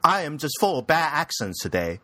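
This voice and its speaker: A man's voice: a little high, very animated, fairly quick, bright, forceful tone, dry recording. A young man hosting a casual anime news podcast, rambling and crude, often giggling at his own jokes. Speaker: podcast host.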